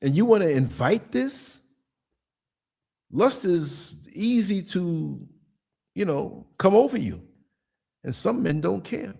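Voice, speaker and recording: Gravelly and on the high side, with a darkish tone, the voice belongs to a man in his sixties hosting a podcast. In casual monologue commentary, he tells streetwise, blunt stories and performs the quotes as he goes.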